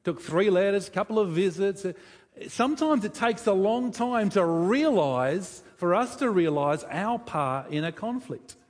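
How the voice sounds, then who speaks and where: A man delivers a sermon in an animated, conversational way, his fairly high voice swinging widely in pitch. He questions the congregation and jokes with them as he goes. The recording carries the long reverb of a large hall. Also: unhurried. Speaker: preacher.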